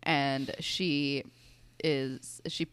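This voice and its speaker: A woman's voice: extremely low pitch, fairly even intonation, extremely slow, fairly bright tone, clear, resonant tone, dry recording. A young woman co-hosting a casual chat, talking loosely with lots of "like" and quoting characters. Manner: chatty, many "like"s and fillers, quotes characters. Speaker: podcast co-host.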